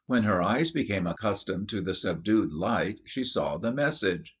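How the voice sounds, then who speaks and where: A man narrating a children's story from an audiobook in a measured storytelling manner. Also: low voice, expressive, a bit bright. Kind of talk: scripted narration.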